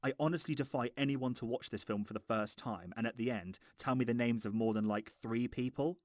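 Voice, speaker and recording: A man's voice: medium pitch, fairly even intonation, fairly quick, darkish tone, dry recording, studio quality. A man with a posh Home Counties English accent, narrating a sarcastic, sweary film review.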